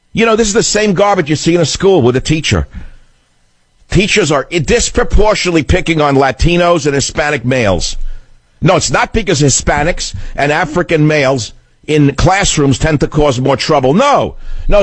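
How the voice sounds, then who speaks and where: Man, talk radio host, sarcastic, combative, dry studio sound, mid pitch. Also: no room sound. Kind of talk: political talk radio monologue. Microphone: studio broadcast mic.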